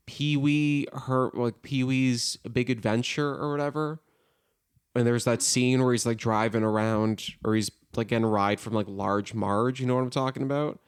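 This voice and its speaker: A man hosting a podcast in casual chat, telling lively stories with plenty of filler words. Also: mid-range voice, a little slow, smooth. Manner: animated storyteller, lots of filler "like". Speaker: podcast host.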